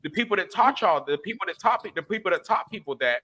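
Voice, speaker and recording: Bright-toned man with many restarts. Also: high voice, fast, husky. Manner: repeats and restarts phrases, animated. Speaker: podcast co-host. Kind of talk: casual chat.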